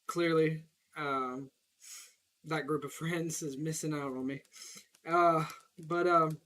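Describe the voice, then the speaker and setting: A man's voice: a little high, a bit bright. A young man with a Southern US accent, rambling in casual, profane chat while he plays a game, laughing often. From Southern United States. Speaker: gaming streamer.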